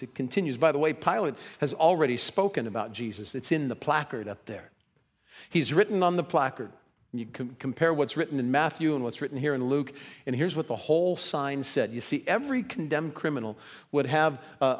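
A man preaching a sermon as pastor, acting out quoted voices with big pitch swings. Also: big-room sound.

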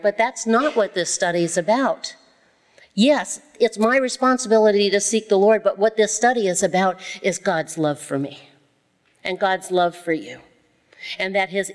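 A woman teaching a Bible study in a conversational way, repeating phrases for emphasis and slowing down to stress key lines. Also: mid-range voice, a little mellow. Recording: long reverb, as in a hall.

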